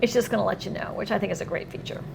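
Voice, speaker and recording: A woman's voice: medium pitch, racing, gravelly, very noisy. A woman hosting a cooking demonstration, upbeat and exclaiming over the food, sometimes talking with her mouth full. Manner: talks with her mouth full while tasting. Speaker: cooking show host.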